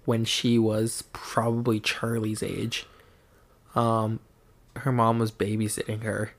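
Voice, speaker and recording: A man's voice: on the low side, monotone, slow pace. Young male podcast co-host, casual, exasperated dad telling stories. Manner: exasperated storytelling, quotes his daughter. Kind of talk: casual chat.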